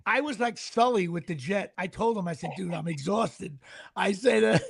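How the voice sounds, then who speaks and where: A man's voice: sits high, fairly quick, vocal fry. A middle-aged man hosting a casual chat, telling a story with laughs and acting out what people said. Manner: animated, laughs mid-story, acts out quotes. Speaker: podcast host.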